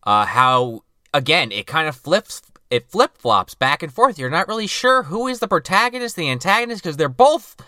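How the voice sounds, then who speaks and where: A man's voice: on the high side, sing-song, moderate pace, bright, forceful tone, dry recording, clean studio sound. A man co-hosting a casual podcast, recapping a film with wry comments and laughter. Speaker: podcast co-host. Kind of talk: casual chat retelling a film.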